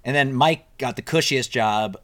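A man on a podcast in casual chat, rambling and self-deprecating, with sudden leaps up in pitch as he talks. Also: normal speed, fairly bright tone. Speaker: podcast co-host. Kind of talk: casual chat recapping a TV episode.

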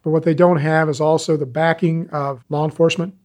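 A man in his sixties, an animal rescuer telling stories in an interview, animated and folksy. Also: fairly high pitch, brisk. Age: 60s. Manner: animated, folksy storyteller, acts out quoted callers. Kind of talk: interview talk, storytelling.

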